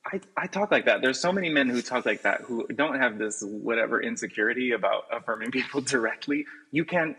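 Bright, husky-voiced man, animated chat. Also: medium pitch, low-quality recording. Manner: animated, emphatic, quick to laugh. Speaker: podcast guest. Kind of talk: casual critical chat.

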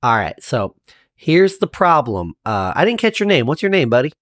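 A man's voice: medium pitch, big pitch swings, normal speed, fairly bright tone, no echo, studio quality. A man playing a tabletop game, talking in a folksy, rambling way. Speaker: player. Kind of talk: casual tabletop play.

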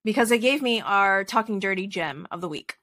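A woman's voice: mid-range voice, lively intonation, a little fast, fairly bright tone. A woman co-hosting a podcast, chatting casually about baseball with laughs and rambling restarts. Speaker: podcast co-host. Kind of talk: casual sports chat.

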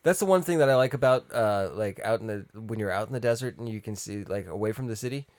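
A man co-hosting a podcast, chatting crudely and swearing freely, with a lively delivery. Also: fairly low pitch, quick pace, no echo. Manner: animated, swears freely, does loud silly sound imitations. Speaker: podcast co-host. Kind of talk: crude casual banter. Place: Arizona.

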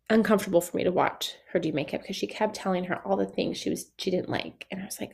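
A woman's voice: mid-range voice, a little fast, gravelly, a little mellow, slightly rough. A young adult woman hosting a solo podcast, chatting casually with many "like"s, laughing often and acting out dialogue. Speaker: podcast host, esthetician coach.

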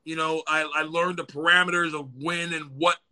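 Bright high-voiced swearing man. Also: flat delivery, moderate pace. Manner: swears freely, acts out voices in anecdotes. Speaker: podcast host. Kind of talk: casual podcast chat.

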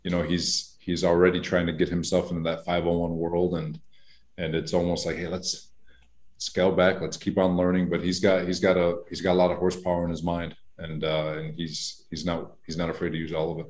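A head coach answering reporters at a press conference, halting and measured with many "uh"s. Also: male voice, low-pitched, little pitch movement, a little mellow.

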